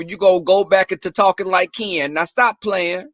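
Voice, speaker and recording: Sassy, animated man chatting with viewers. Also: high-pitched, moderate pace, no room sound. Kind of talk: casual chat with viewers.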